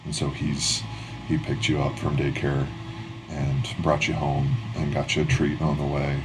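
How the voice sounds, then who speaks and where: A man's voice: a bass voice, completely flat delivery, a little slow, music in the background. A man narrating a tabletop game as game master, rambling with many restarts and fillers.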